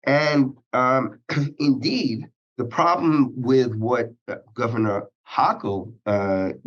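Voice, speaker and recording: Guy being interviewed, lots of uhs n restarts, careful legal wording, mid pitch. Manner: halting, many uhs and restarts; measured, legalistic phrasing. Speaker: interview guest. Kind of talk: policy interview. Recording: dull lo-fi sound.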